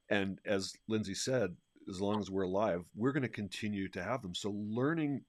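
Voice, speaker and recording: A man co-hosting a podcast, telling stories in a high-energy, animated way and laughing often. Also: dry recording, studio quality. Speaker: podcast co-host. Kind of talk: casual podcast conversation.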